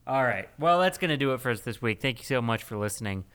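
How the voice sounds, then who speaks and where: A man's voice: medium pitch, fairly bright tone, clear, resonant tone. A man hosting a casual movie podcast, rambling along with lots of ums and easy laughter. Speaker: podcast host.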